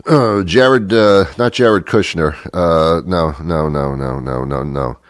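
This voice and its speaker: A man's voice: sits low, slow pace, dry recording, clean studio sound. A man hosting a talk show, rambling sarcastically through a comic monologue with many asides. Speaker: radio show host.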